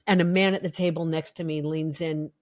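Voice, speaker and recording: A woman's voice: low-pitched, fairly even intonation, a little fast, a little mellow, dry recording, studio quality. A woman, a podcast guest, telling a personal story in an interview, vividly and emotionally, with restarts and acted-out quotes.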